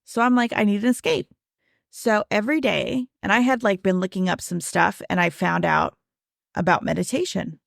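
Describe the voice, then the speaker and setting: A woman's voice: mid-range voice, fairly even intonation, normal speed, vocal fry, no echo, clean studio sound. A woman in her thirties hosting her own podcast, telling a personal story in a casual, conversational way, full of "like" and "right?". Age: 30s. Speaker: podcast host.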